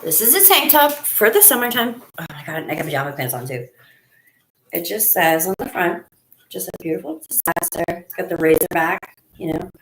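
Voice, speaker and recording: With big swings in pitch and a normal speaking speed, a woman hosts a laid-back live stream from home, chatting effusively with webcam viewers. She often performs her earlier lines in a higher voice; the recording is echoey with slight background noise.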